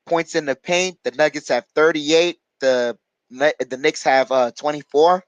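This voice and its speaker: A man's voice: on the high side, steady tone, measured pace, smooth, dry recording, poor audio. Chatty man hosting a live stream. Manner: casual, reads out viewer chat comments and replies; chatty, hesitant with frequent fillers. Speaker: watch-along stream host. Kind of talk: live basketball watch-along commentary.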